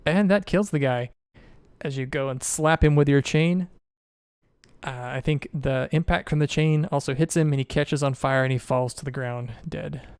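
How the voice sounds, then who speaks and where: Smooth-voiced male game master. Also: mid-range voice, moderate pace, a little mellow, dry recording, studio quality. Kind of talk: narrating a tabletop game.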